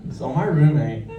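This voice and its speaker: Young man doing stand-up with lively pitch. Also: far from the mic. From Los Angeles. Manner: storytelling, acts out characters with voice shifts. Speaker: stand-up comedian. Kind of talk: stand-up comedy set. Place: comedy club stage. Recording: roomy club sound, crowd laughing. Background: crowd laughter.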